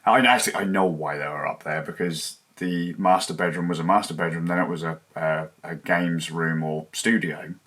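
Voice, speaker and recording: A man's voice: sits low, fairly even intonation, normal speed, few pauses, fairly bright tone. A man rambling casually and swearing as he laughs at himself over lost gear at home. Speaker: livestreamer.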